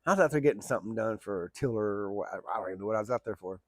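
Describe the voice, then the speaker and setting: A man's voice: lowish voice, lively intonation, very fast, dry recording, clean studio sound. A middle-aged man telling a long story in a rambling, colloquial, folksy way. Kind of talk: casual spoken storytelling.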